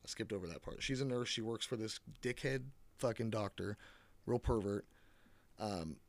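A man's voice: lowish voice, moderate pace. Rambling, profane man recapping a movie. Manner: rambling, profane, sarcastic, many fillers. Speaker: movie reviewer.

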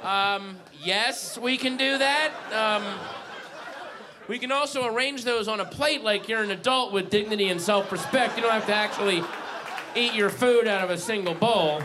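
A man voicing a perky fast food counter worker with a sing-song customer-service manner, in a comedy bit. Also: sits high, background noise, voice pushed up, close to an everyday voice. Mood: chirpy.

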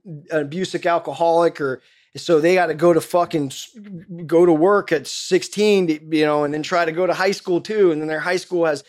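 A man's voice: on the high side, fairly even intonation, normal speed, darkish tone. A man as a podcast guest, ranting in a heated, profane way with many restarts. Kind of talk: casual podcast conversation.

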